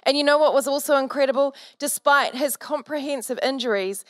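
A woman's voice: high-pitched, a little fast, no room sound. A woman pastor preaching a sermon, telling a story earnestly and building to fervent exhortation.

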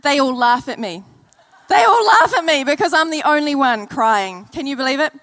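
A woman's voice: sits high, lively intonation, normal speed, a bit bright. A woman preacher delivering an earnest sermon to a church congregation, telling stories and repeating key phrases. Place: church service.

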